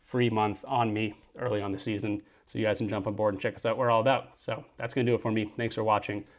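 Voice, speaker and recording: A man hosting a sports betting picks show, running quickly through his bets and plugging promo codes. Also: level tone. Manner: brisk, upbeat sign-off pitches. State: out of breath. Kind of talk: fast betting picks rundown.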